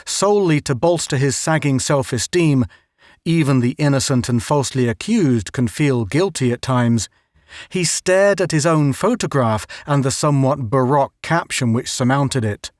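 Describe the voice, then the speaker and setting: A man narrating a story in a measured, even reading. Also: medium pitch, dry recording, studio quality. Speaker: audiobook narrator. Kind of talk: scripted narration.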